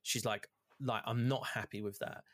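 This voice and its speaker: A man's voice: medium pitch, moderate pace, dry recording. Man swapping game stories. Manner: swearing, animated storytelling. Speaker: podcast co-host. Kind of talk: casual chat recounting a video game.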